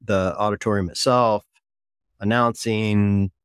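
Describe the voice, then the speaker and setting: A male podcast host talks in a relaxed, joking way and chats easily with his guest. His voice sits a little low. It comes across dry, with no room sound. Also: takes it slowly, clean tone, dry recording. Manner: joking, chatty. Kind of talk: casual interview chat.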